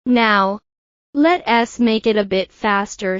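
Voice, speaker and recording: A woman teaching English pronunciation in a scripted lesson, slowly and carefully modelling words for learners to repeat. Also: mid-range voice, smooth, no room sound, muffled recording.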